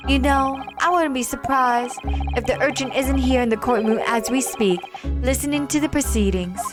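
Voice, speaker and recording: A woman voicing a shifty male witness in a put-on Southern drawl, speaking slowly and folksily. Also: high-pitched, over music, natural voice. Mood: folksy, evasive. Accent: put-on American Southern. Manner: slow, drawn-out folksy speech.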